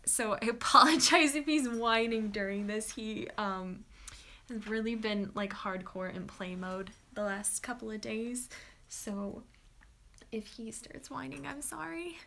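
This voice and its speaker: A young woman hosting a writing-sprint livestream, chatting casually and excitedly with viewers and talking to her dog. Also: mid-range voice, a little slow, slight background noise. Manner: bubbly and chatty, coos softly to her dog.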